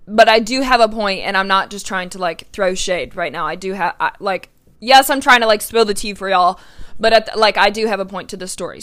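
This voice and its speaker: A woman's voice: mid-range voice, pushed and bright, clear, resonant tone. A young adult woman hosting a podcast, telling a story casually and emphatically, swearing often and saying "like" a lot. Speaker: podcast host.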